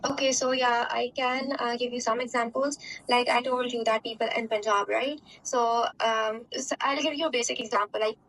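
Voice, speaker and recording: A woman's voice: fairly high pitch, fairly even intonation, normal speed, a bit bright, poor audio. A young woman from Pakistan with a Pakistani English accent, answering interview questions in a chatty way, with many fillers and "right?" tags. Her first language is Urdu.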